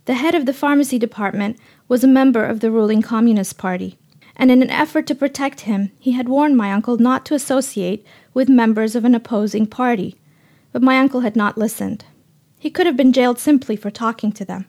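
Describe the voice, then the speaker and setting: A woman reporter tells her story in a measured, scripted radio narration. Her voice sits a little high and her delivery stays steady and sober throughout. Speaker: freelance reporter.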